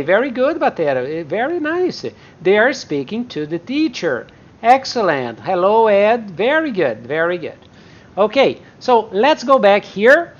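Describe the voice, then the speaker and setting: A woman whose first language is Portuguese teaches English in a live online class. She speaks slowly, her pitch rising and falling a lot as she repeats sentences and acts them out. The stream audio is dull and lo-fi.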